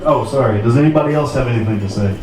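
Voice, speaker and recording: A man's voice: mid-range voice, rapid-fire, music in the background. Hesitant man giving an informal eulogy. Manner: hesitant, many "uh" fillers, dry humor. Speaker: memorial speaker. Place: outdoor gazebo. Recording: echoey, distant, noisy.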